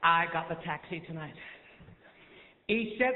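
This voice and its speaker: A man with a Northern Irish accent doing stand-up one-liners on a theatre stage, chatty and coaxing the crowd between rapid gags. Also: high voice. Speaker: stand-up comedian. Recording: echoey theatre, tinny thin sound, noisy. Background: audience laughter.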